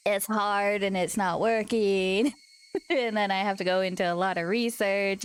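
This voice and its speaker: Giggly woman streamer, slow and chatty. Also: mid-range voice, clean tone. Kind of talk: casual live-stream chat while playing a visual novel.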